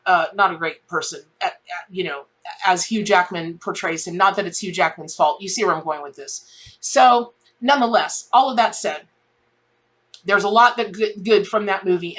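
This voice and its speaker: This tarot reader is a middle-aged woman whose medium-pitched voice sounds a bit bright. In her casual spoken reading she rambles sincerely, repeating things and restarting sentences often.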